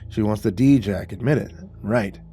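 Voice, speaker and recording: A male narrator voicing a smug, crude young man who talks in a low, sneering, dismissive way, over faint music. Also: measured pace, dark tone.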